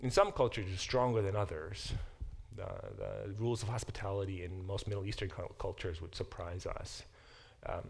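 A middle-aged man teaching a class, explaining with lively examples and frequent restarts. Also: sits low, moderate pace, creaky. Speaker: professor teaching a Bible class. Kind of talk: classroom lecture.

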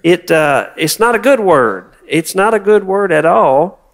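A man's voice: high-pitched, animated, a little slow, gravelly. A man preaching a sermon, reading scripture and prompting the congregation to repeat words. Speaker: pastor.

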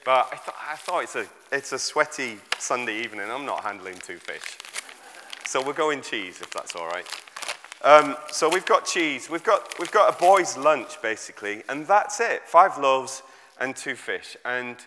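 Bright-voiced male preacher, casual and self-mocking, in a reverberant hall. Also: medium pitch, big pitch swings, moderate pace, a little hiss or hum. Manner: chatty, digressive, self-deprecating humor. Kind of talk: informal sermon with props. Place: church hall with audience. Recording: echoey hall.

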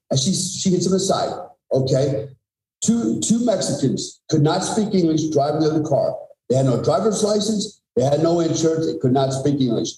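A man's voice: a little high, dark tone. Blunt middle-aged man in a roomy echo. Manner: blunt, profane, emphatic. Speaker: podcast guest, former special forces soldier. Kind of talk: conversational storytelling.

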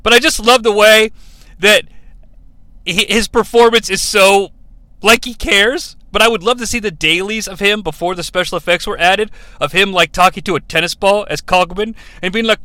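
A man's voice: sits high, moderate pace, sharp tone, no echo. A man hosting a countdown show in casual commentary, enthusiastic and rambling into asides, often laughing as he talks.

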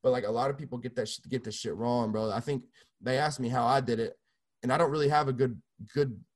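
A man's voice: medium pitch, fairly even intonation, quick pace. Young male guest, casual storyteller, swears freely, restarts sentences, mid-range voice. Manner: loose and profane, many restarts. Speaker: music producer guest.

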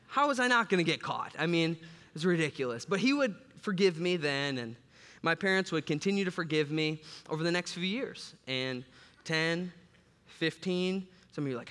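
A man from the south side of Chicago delivers a sermon as an animated, joking storyteller. His voice sits a little higher than most men's. It rings out with a long reverb in a big church sanctuary. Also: normal speed. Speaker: pastor. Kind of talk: sermon with humorous personal story. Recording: long reverb from a large hall.

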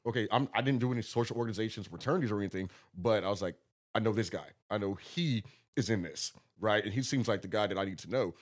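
A man's voice: lowish voice, fast talker. A man from Texas, a guest promoter telling stories casually and acting out what people said. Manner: animated, acts out quotes with laughter. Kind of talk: casual storytelling.

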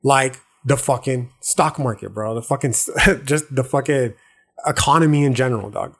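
A man's voice: mid-range voice, normal speed, a bit bright, slightly rough. Swearing, slangy man riffing on philosophy. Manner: profane, slangy, loose street-talk delivery; frequent restarts and check-ins like "okay" and "right". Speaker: podcast host. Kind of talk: casual philosophy podcast monologue.

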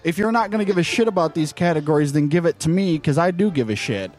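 A man on a film podcast rants in a loud, swearing tirade. His voice swoops up and down a lot and sits a little high. Music plays behind him. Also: lively intonation, fast talker. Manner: profane, exasperated ranting. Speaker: podcast host. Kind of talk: ranting film podcast chat.

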